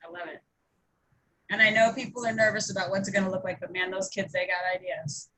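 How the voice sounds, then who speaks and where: A woman hosts a relaxed community discussion and speaks with a slightly husky, breathy tone. She is upbeat and emphatic, and her pitch rises whenever an idea excites her. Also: fairly quick, poor audio. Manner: enthusiastic, animated, lots of emphasis. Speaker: host of a community webinar. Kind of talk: casual panel discussion.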